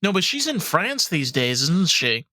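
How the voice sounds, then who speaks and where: A young man hosting a podcast, telling animated, profanity-laced stories in casual chat full of fillers. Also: fairly high pitch, unhurried, no echo, clean studio sound. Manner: animated storyteller, swears freely, many fillers. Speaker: podcast host.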